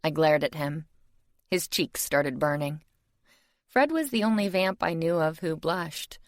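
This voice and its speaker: A woman's voice: low-pitched, animated, a little slow, no room sound, clean studio sound. A woman narrating a first-person fantasy audiobook in a wry, exasperated tone.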